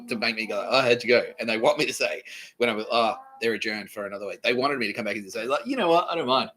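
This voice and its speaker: A man's voice: medium pitch, sharp tone, low-quality recording. An Australian man hosting a podcast, talking alone in a rambling, profane, repetitive way. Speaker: podcast host. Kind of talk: rambling solo monologue.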